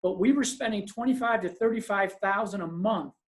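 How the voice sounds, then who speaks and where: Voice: mid-range voice, a little fast. Emphatic business webinar presenter. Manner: storytelling, emphatic advice to listeners.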